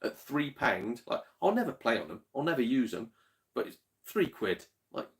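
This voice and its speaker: Very animated, a man with a mid-range voice streams live at a moderate pace, reading chat and telling stories. He's slightly tipsy and chatty, swears freely, and laughs often.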